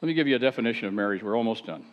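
A pastor with a lowish, animated voice races through a chatty, rhetorical sermon full of wry asides and self-deprecating stories. The hall is echoey and the sound is dull and lo-fi.

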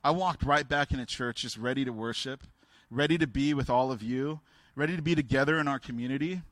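A man preaching a sermon through personal stories. He talks candidly and haltingly, with many restarts, and raises his voice to act out the people in his stories. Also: medium pitch, fairly bright tone, no echo.

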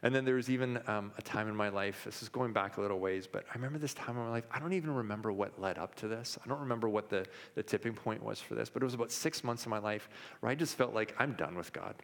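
A man's voice: fairly low pitch, fast, creaky. A man in his thirties preaching a sermon, telling candid personal stories with frequent restarts and fillers. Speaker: pastor. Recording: long hall reverb.

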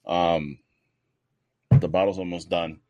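Deep-voiced profane New podcast host. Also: male voice, fairly even intonation, takes it slowly, warm tone, dry recording, lo-fi sound. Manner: loose, profane, rambling banter. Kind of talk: casual podcast chat.

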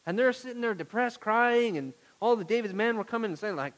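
A male pastor preaching a sermon to his congregation, moving from quiet, intimate words to loud pleading and asking the room questions. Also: high-pitched, fast talker, few pauses, rough recording.

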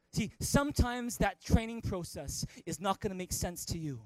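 Man, pastor, sermon, high-pitched, dry mic, frequent restarts. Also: darkish tone, no echo, rough recording. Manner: storytelling, many stammered restarts. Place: church.

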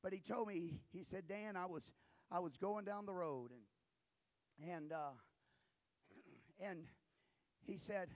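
A man preaching a sermon, moving between quiet storytelling and loud, shouted exhortation. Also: high voice, takes it slowly, long pauses. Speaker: pastor.

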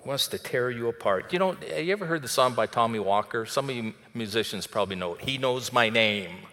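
A man preaching a sermon in a conversational way, dropping soft and then rising to emphatic. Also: mid-range voice, expressive, brisk, big-room sound. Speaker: pastor.

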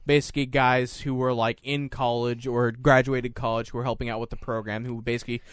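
A young man in casual chat as a podcast co-host, telling crude, animated stories full of swearing. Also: medium pitch, quick pace, clean tone, dry recording.

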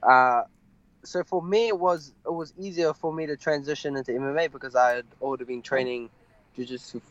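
Young man telling a story, halting. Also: mid-range voice, a bit bright, no echo, highs cut off. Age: young adult. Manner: halting, many fillers and restarts. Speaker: MMA fighter guest. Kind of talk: casual interview storytelling.

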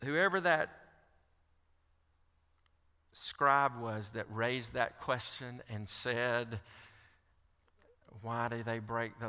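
A man's voice: mid-range voice, extremely slow, long pauses, pushed and bright, clear, resonant tone. A man preaching a sermon, reading scripture aloud and pressing questions on his listeners. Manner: reads scripture aloud, then presses questions with rising intensity. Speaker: pastor. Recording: long hall reverb.

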